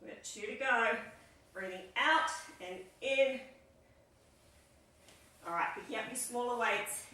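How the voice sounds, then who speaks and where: A woman's voice: on the high side, unhurried, long pauses, bright, forceful tone. A woman leading a live weights workout, cueing each rep and every breath in an upbeat, encouraging way. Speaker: fitness instructor. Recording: echoey room, mic at a distance.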